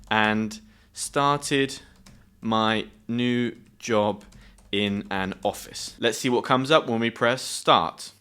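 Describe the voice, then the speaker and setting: Bright-voiced British man teaching English. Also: medium pitch. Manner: friendly, clear explanations with pauses to define words. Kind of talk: reading a story aloud and explaining vocabulary.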